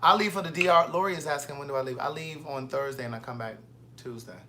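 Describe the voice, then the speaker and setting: A bright, fairly high-pitched man hosts a casual live chat, teasing his friend with sassy banter. A faint hum sits behind him. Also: fast talker. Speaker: host.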